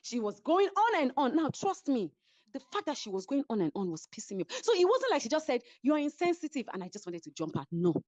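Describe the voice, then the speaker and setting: A woman's voice: high-pitched, huge pitch swings, brisk, a little mellow, no room sound. A woman with a Nigerian accent, heatedly retelling a fight in casual chat, acting out the voices she quotes and code-switching between languages. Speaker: reality show cast member. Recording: dull, dry lo-fi audio.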